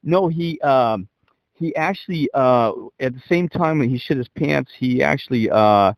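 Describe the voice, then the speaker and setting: A man's voice: mid-range voice, expressive, a little slow, creaky, dry recording, dull audio. A middle-aged man telling a story in casual chat as a podcast co-host, rambling and swearing and laughing as he goes.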